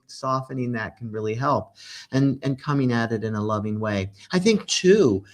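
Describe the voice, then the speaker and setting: A man's voice: medium pitch, lively intonation, moderate pace. Reflective man hosting a talk show. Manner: warm, reflective, many fillers and restarts. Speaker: podcast host. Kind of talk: conversational interview.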